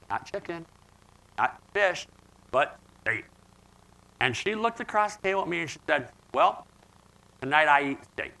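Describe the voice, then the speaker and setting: A man's voice: on the high side, creaky, pushed and bright, low-quality recording. A man in his forties giving a conference keynote, telling stories and putting questions to the audience. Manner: storytelling, engaging audience with questions. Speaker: keynote speaker. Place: conference event room.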